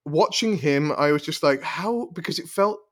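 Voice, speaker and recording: A man chats on a casual podcast, full of enthusiasm and tripping over his own words as he goes. His speaking voice sits a little higher than usual for a man. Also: normal speed, fairly bright tone. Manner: enthusiastic, stumbling restarts. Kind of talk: casual chat.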